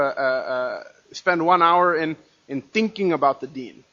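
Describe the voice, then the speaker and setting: A man from the United States teaching a religious lecture class, talking quickly with many restarts and rhetorical "right?" checks. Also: fairly high pitch, pushed and bright, highs cut off.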